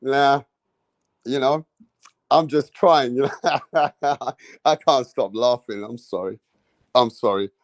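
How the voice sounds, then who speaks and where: A man's voice: mid-range voice, no echo. A man with an English accent hosting a casual boxing live stream, joking with viewers and swearing freely. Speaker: boxing channel host.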